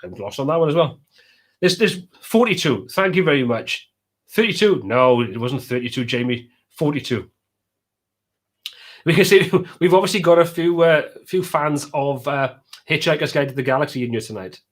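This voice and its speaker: A man's voice: fairly high pitch, lively intonation, moderate pace. Chatty Welsh man hosting a live stream. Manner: chatty, reads out viewer comments. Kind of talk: casual live stream chat.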